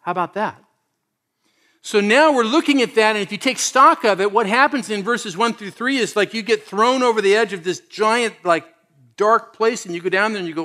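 A pastor with a high-pitched, sharp-toned voice preaches a sermon at normal speed in a conversational style. He asks his listeners questions and laughs often.

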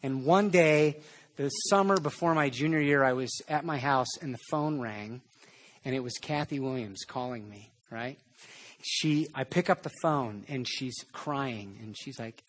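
Husky, animated male preacher. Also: medium pitch, unhurried. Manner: animated storytelling, conversational. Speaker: pastor. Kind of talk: sermon.

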